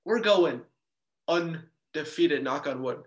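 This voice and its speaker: A man hosting a casual sports podcast, talking as an excitable, jokey fan in fast bursts. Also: a little high, highs cut off, a little hiss or hum.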